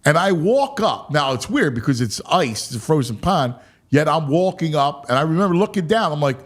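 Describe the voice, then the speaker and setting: A man hosting a sports talk show, telling a story in a lively, animated way. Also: fairly high pitch, moderate pace. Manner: animated storyteller, acts out quotes. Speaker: sports radio host.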